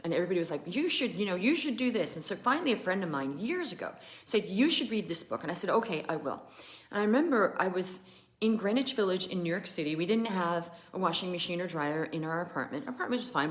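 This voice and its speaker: A woman business coach with a lowish voice talks to her live stream viewers in a chatty, animated and emphatic way.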